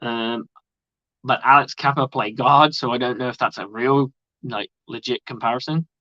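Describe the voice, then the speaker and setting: A man's voice: medium pitch, fairly even intonation, normal speed, sharp tone, no echo. Rambling, swearing male streamer, lo-fi. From outside the United States. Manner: rambling and chatty, swears freely. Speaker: livestream host. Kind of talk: casual live sports commentary. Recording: dull lo-fi dry sound.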